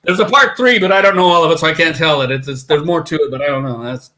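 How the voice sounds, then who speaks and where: A man in a band tells road stories as a podcast guest, swearing freely and acting out what people said. His voice is bright and sits a bit high. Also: quick pace. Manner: swearing, animated storytelling that acts out quotes. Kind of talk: casual storytelling.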